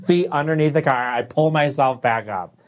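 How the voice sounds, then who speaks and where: A young woman with a remarkably low, deep voice that still swings widely in pitch. She chats casually as a co-host, blunt and profane, telling her stories with lively animation. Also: unhurried. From Buffalo area. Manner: blunt, swears freely, animated storyteller. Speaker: podcast co-host. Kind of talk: casual chat.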